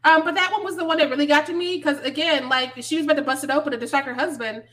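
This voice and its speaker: A woman co-hosting a podcast chats casually about a movie, laughing often and acting out the characters in mock voices. Her voice is high-pitched and a bit bright, and she speaks in rapid-fire bursts.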